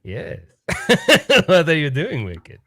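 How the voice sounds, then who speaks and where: A man's voice: a little high, measured pace, no room sound. A man hosting a late-night livestream from home, chatting casually, joking and laughing while trying to keep his voice down. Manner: laughing, joking, excitable but hushed. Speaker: livestream host.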